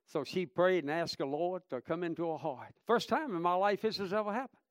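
A man preaching a revival sermon, swinging between shouted praise and hushed storytelling. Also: sits high, expressive, fairly quick, no echo. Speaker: traveling preacher.

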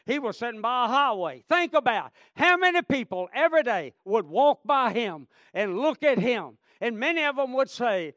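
A man's voice: extremely high pitch, sing-song, moderate pace, hardly any pauses, fairly bright tone, no room sound, studio quality. A man preaching a sermon with fervor, repeating phrases and calling out to the congregation. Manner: fervent, repetitive, calls out "Amen?" and "friend".

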